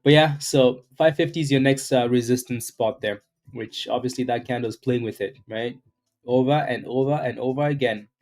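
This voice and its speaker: A man's voice: mid-range voice, moderate pace, a little mellow. A man hosting a live day-trading stream, chatting loosely through market commentary, greeting viewers and ending lines with "right?". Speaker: day-trading livestream host.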